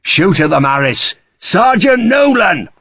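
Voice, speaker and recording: A man's voice: mid-range voice, sing-song, normal speed, husky, dry recording. A man doing a curt, commanding army officer. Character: blunt, hard-bitten male army officer under pressure. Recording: dull dry audiobook recording.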